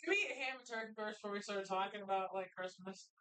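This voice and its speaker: A woman on a casual live bar show, telling stories in a quick, offhand way. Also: medium pitch, sharp tone, poor audio. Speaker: guest co-host. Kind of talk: casual bar podcast banter.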